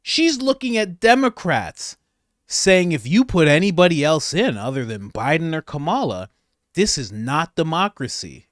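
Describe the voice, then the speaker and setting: Male commentary host, mocking and incredulous, bursts of laughter, slightly high register, dry recording. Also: sing-song, normal speed, dry recording. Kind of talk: reaction commentary on political clips.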